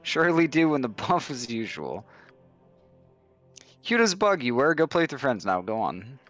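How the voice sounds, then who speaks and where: A man's voice: medium pitch, big pitch swings, moderate pace, a bit bright, soft background music. A man voicing a teasing old keep resident who chuckles through folksy stories.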